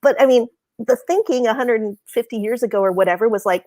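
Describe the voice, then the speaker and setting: A woman hosting a casual livestream chat, chatty and quick to laugh as she tells stories. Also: a little high, no room sound. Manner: chatty, laughs often, lively storytelling. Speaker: host.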